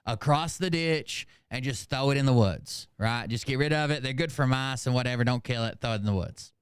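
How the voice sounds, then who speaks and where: A man's voice: medium pitch, brisk, clear, resonant tone, no room sound. Middle-aged man, casual profane storyteller, clean resonant voice, dry close sound. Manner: animated, profane, laughs at his own stories. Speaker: host.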